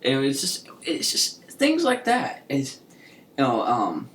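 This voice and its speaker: A man's voice: medium pitch, huge pitch swings, slow pace, a bit bright. A man co-hosting a podcast, chatting casually and rambling through stories with lots of restarts and laughs. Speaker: podcast co-host. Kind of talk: casual chat. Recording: echoey room with faint hiss.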